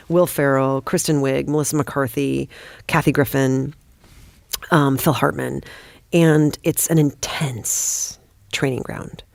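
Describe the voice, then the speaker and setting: A woman guest on a podcast, telling stories in a rapid, animated way and swearing freely. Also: low voice, no room sound. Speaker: guest, comedic actress. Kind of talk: casual podcast storytelling.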